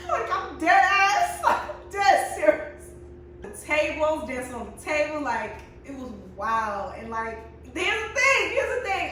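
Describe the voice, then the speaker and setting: Young woman in her twenties, casual storyteller, high-ish bright voice, roomy echo, off-mic. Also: slight background noise. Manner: animated, laughing often, acts out friends' lines. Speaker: vlogger. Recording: very echoey room, mic at a distance.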